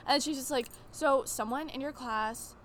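Animated young woman telling a story. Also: high-pitched, normal speed, slight background noise. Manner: animated storyteller acting out quoted lines. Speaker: podcast guest. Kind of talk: casual chat, storytelling.

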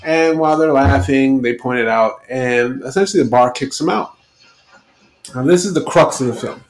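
A man hosting a podcast, retelling a film plot in a chatty way with quick asides. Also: medium pitch, low-quality recording. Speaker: podcast host. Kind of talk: casual film recap.

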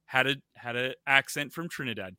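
Animated bright-voiced man telling stories. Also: medium pitch, a little fast, smooth, dry recording, studio quality. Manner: animated storyteller, laughs often. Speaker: podcast co-host. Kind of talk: casual chat.

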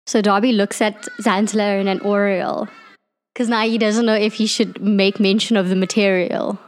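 A woman's voice: medium pitch, flat delivery, moderate pace. A woman player casually describing her character's actions in a tabletop game. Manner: casual, filler-heavy. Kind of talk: casual tabletop role-play.

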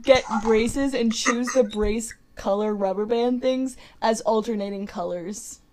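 A woman's voice: a little high, unhurried, darkish tone. A woman co-hosting a casual podcast, chatty and rambling in a bubbly way. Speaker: podcast co-host. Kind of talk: casual chat.

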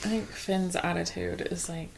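A woman's voice: on the low side, fairly even intonation, normal speed, vocal fry, slight background noise. A young woman, a mom, chatting casually on a podcast, telling stories animatedly and laughing often. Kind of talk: casual chat, storytelling.

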